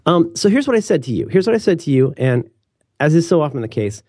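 Fast-talking man in casual chat. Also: a little high, husky, no room sound, studio quality. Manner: rambling, self-interrupting, animated. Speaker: podcast co-host.

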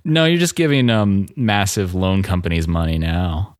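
A man co-hosting a podcast in casual chat, wry and quick to laugh. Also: low-pitched, no room sound, studio quality. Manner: chatty, laughs often, wry asides. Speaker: podcast co-host.

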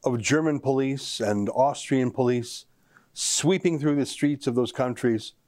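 A man's voice: medium pitch, measured pace, darkish tone. Argumentative male commentary host. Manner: emphatic, argumentative, talks straight to the listener. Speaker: show host. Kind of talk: political commentary monologue.

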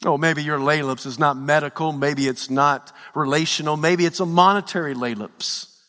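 A man pastor delivering a dramatic sermon, swinging from hushed tones to shouts. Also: a little high, normal speed, in a large hall.

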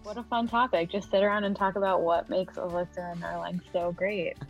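Playful woman podcast host, gravelly tone. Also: fairly low pitch, little pitch movement, a little fast, muffled recording, faint music behind. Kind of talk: casual podcast chat.

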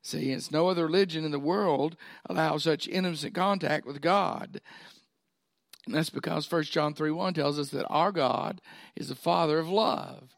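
A man's voice: a little high, normal speed, vocal fry, no room sound, clean studio sound. A man preaching a sermon, folksy and often checking in with his listeners. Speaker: pastor.

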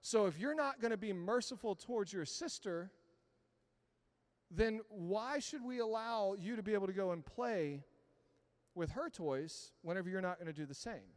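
A man in his thirties with a high voice preaches in a conversational, storytelling way. He keeps asking the congregation to answer him. The sound rings with the long reverb of a church hall. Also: normal speed. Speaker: pastor. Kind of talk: sermon. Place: church sanctuary.

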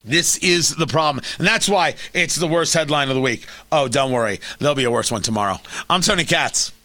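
A man's voice: on the high side, a little fast, bright, forceful tone, no room sound. A man hosting a talk radio show, delivering sarcastic, mocking opinion commentary.

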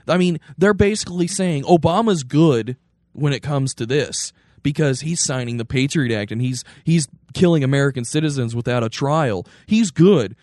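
A young man co-hosting a casual political chat podcast, talking in animated, rambling bursts with restarts. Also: fairly high pitch, no room sound. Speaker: podcast co-host.

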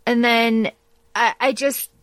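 A woman's voice: fairly high pitch, steady tone, slow, fairly bright tone, no room sound. A woman co-hosting a book podcast in casual chat, blunt and swearing freely, acting out scenes as she retells them. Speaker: podcast co-host.

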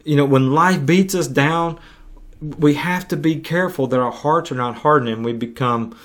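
A man preaching a podcast sermon as pastor, earnest and urging, with his voice going hoarse. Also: a little high. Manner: earnest, urging, slow deliberate pauses. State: losing his voice.

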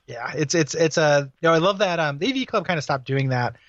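A man's voice: on the high side, expressive, fast, fairly bright tone, no echo, highs cut off. A man co-hosting a podcast, talking casually in a rambling way with many fillers and restarts. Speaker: podcast co-host. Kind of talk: casual chat.

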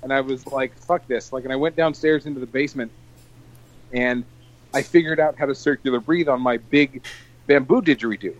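A man co-hosting a podcast, telling a long story in an animated, swearing casual chat. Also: mid-range voice, fairly quick, dull audio. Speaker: podcast co-host.

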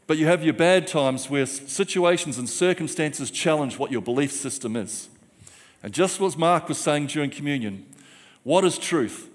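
A man preaching a sermon, rousing the congregation with repeated call-and-response phrases. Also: fairly high pitch. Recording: long church hall reverb.

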